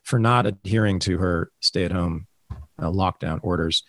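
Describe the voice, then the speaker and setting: A man hosting a casual political talk show, ranting in an animated, sarcastic way. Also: low voice, unhurried, no room sound, studio quality.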